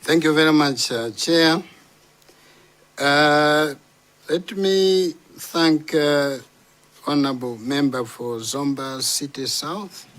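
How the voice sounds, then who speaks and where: A man giving formal testimony to a parliamentary committee, halting and careful with many pauses. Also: fairly high pitch, a bit bright. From Malawi. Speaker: witness before a parliamentary committee.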